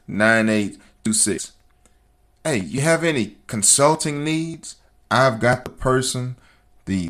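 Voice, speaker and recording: Man, podcast host. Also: mid-range voice. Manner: fired up and emphatic, preacher-like repetition; calm and conversational in sponsor reads. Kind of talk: opinionated podcast commentary.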